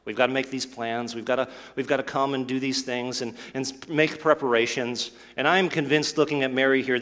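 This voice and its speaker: A man's voice: medium pitch, fairly bright tone. Man preaching in an echoing hall. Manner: earnest storytelling, acting out quoted lines. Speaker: pastor. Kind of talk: sermon. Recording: long hall reverb.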